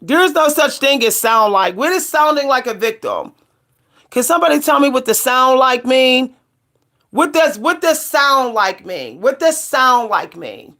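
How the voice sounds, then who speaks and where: A woman's voice: high voice, very animated, unhurried, a bit bright. A middle-aged woman vlogging a casual rant to camera, emphatic and repetitive, hammering her points with short punchy refrains.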